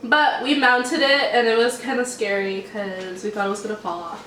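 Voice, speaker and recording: A young woman talks casually while eating at home, rambling in a laid-back way. Her voice sits a little high. The sound is roomy and comes from a mic set some way off, with a faint hiss beneath. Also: steady tone, normal speed, a bit bright, distant mic. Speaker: mukbang host.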